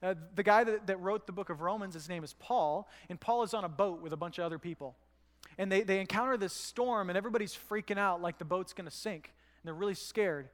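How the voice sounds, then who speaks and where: Male pastor, high voice, chatty sermon delivery, long church reverb. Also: quick pace, a bit bright. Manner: conversational, storytelling with acted quotes.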